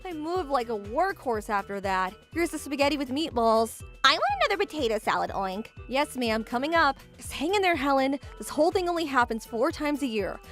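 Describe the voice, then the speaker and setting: Woman narrator-lead, high and animated, sarcastic and exasperated; animated story. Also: brisk, few pauses, faint music behind. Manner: exasperated, sarcastic inner monologue.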